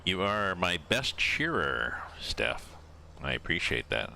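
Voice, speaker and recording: A man with an extremely low, yet bright and forceful voice chats on a live game stream. He rambles and thinks aloud between viewer shout-outs, with a faint hiss of noise behind him. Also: sing-song, slow pace, vocal fry. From Canada. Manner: rambling, musing aloud, reading out viewer names. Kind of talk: casual live-stream chat while driving a truck sim.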